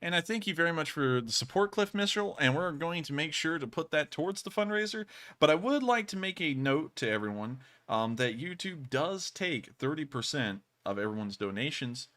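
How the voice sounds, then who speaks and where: A man co-hosts a casual livestream, reading out donations. His voice is bright and forward, and he rambles a little. He circles back again and again to thanking his supporters. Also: fairly high pitch, sing-song, normal speed. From Alabama, USA. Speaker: livestream co-host.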